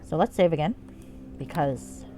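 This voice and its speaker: A woman's voice: deep voice, lively intonation, moderate pace, warm tone. A woman streaming a game, chatting casually and swearing freely. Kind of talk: casual let's-play commentary. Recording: game music behind.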